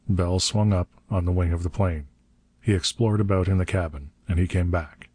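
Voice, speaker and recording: A man narrating a story in a steady, measured reading. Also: low voice, breathy edge, no echo. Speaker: audiobook narrator. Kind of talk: scripted narration.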